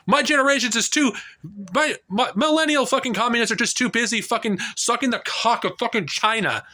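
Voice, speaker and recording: High, lively angry male ranter. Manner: heated, profane, halting with frequent restarts. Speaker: political vlogger. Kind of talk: angry political rant to camera. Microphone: camera mic.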